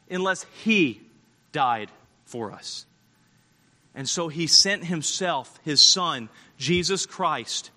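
A man's voice: high voice, sharp tone. A man preaching an earnest, emphatic sermon to children and young people, often restarting his words. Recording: long hall reverb.

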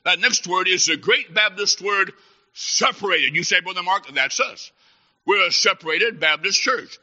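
High-voiced, bright, animated Baptist preacher man. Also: moderate pace, dull audio. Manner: animated storytelling, mock excitement, drops to soft earnest tones. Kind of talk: humorous sermon.

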